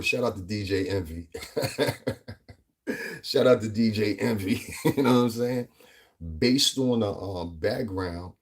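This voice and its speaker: A man with a New York-area accent holds forth in a casual commentary vlog, rambling and emphatic. His voice sits low and sounds a little husky. He keeps checking in with asides like "you know what I mean". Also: darkish tone. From US Northeast tri-state area. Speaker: vlogger.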